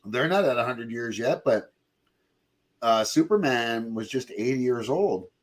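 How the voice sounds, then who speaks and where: A man's voice: mid-range voice, animated. A man hosting a pop culture podcast, chatting casually with jokes and loose rambling. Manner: joking, rambling, quick to laugh. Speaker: podcast host. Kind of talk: casual chat.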